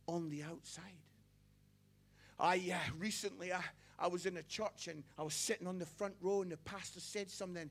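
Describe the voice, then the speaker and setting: A middle-aged man preaching a sermon, telling stories passionately and building to near-shouts. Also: high voice, fairly even intonation, normal speed.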